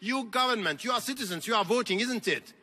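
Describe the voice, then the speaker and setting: A man's voice: extremely high pitch, expressive, quick pace, pushed and bright, husky. Emphatic man in a reverberant hall. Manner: emphatic, repetitive rhetorical cadence. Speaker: convention keynote speaker. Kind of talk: impassioned public speech. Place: large convention hall.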